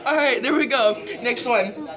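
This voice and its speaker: A woman's voice: a little high, a little slow. A woman hosting a casual vlog game, giggly and laughing often. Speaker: vlogger host. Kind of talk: casual chat. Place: school classroom. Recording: loud chatter in background. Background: crowd chatter.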